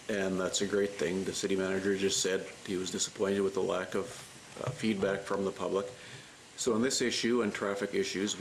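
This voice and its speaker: A man, a city councillor, making a measured, formal argument in a council debate. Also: sits low, vocal fry, slight background noise, rough recording. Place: council chamber.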